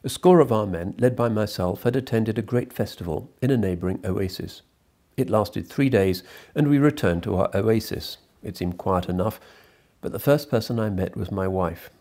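Man reading as an older desert chief in grief, deep mellow voice, restrained. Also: normal speed. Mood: grave. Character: grieving Libyan tribal chief, older man.

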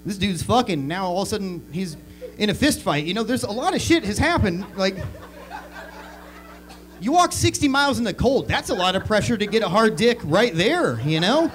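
A man doing crude, animated stand-up comedy on a club stage, acting out bits as he goes. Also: sits high, moderate pace. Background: audience laughter.

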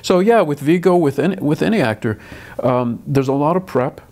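A man's voice: on the high side, expressive, brisk, darkish tone. An older man, a film director, talking thoughtfully in an interview with frequent restarts. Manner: thoughtful, restarts often, dry chuckles. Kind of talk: interview conversation.

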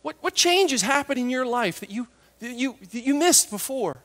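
Animated, high-voiced male preacher. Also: normal speed, long reverb tail. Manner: animated, acts out voices of biblical figures; drops to a hush for tender moments. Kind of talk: sermon.

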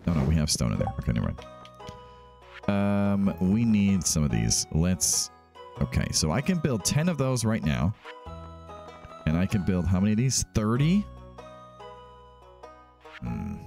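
A man hosting a let's play, chatting casually and thinking aloud as he plays. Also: sits low. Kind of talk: casual gameplay commentary. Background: game music.

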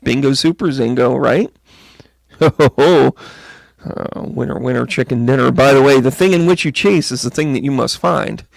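A man's voice: fairly quick, vocal fry, few pauses, no echo. A man giving a casual, joking tarot reading to viewers on a livestream, chatty and playful. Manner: jokey, chatty, slips into silly high voices.

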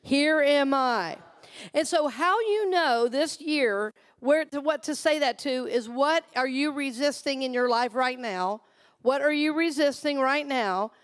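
Female minister, middle-aged, high voice, sermon with call-and-response, conversational and warm in tone of address. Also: unhurried. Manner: call-and-response, asks the congregation to repeat phrases; conversational storytelling, drops soft and low for personal anecdotes.

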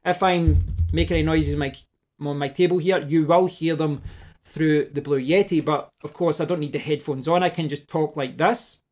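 A man's voice: fairly high pitch, steady tone, normal speed, darkish tone. A man hosting a casual tech tutorial, talking through a hands-on demonstration at his home desk, restarting sentences as he works the gear. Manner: talks while demonstrating gear, thinking aloud with restarts. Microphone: desk microphone, switching between mics.

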